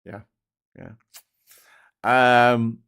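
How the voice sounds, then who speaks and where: Reading out and bluntly answering viewer comments on his casual live stream, this Scouse-accented host swears plenty. He talks very slowly in a mid-range voice that's gravelly yet smooth, with a fairly bright tone.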